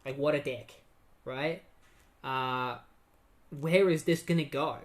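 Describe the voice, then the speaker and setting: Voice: mid-range voice, slow. A host casually summarizing comic book issues, scattering fillers and reading character quotes in a plain voice. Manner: chatty, many "like" and "um" fillers, reads quotes in a plain voice.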